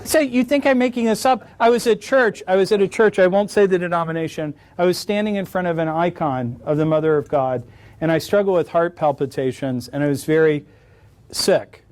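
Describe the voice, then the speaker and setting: High-voiced man telling wry stories. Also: fairly quick, a little mellow, clear, resonant tone. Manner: wry, joking storyteller. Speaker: conference speaker. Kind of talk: lecture Q&A answer. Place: conference hall.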